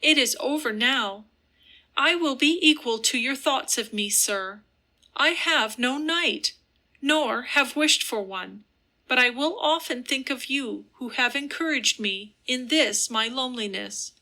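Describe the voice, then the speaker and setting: An earnest young noblewoman, as a woman reader puts her on pleads in a high, gentle voice. She speaks slowly and with a bright edge. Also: exaggerated voice. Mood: quiet resolve.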